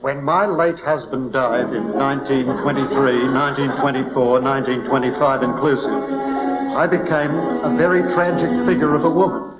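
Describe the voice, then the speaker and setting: A man playing a tragic elderly widow in a 1960s TV sketch, speaking slowly and mournfully. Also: mid-range voice, steady tone, roomy sound, over loud music, close to an everyday voice, low-quality recording.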